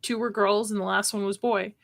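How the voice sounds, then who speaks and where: A woman in casual podcast chat, blunt and quick to laugh while explaining things. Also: medium pitch, level tone, creaky, no echo.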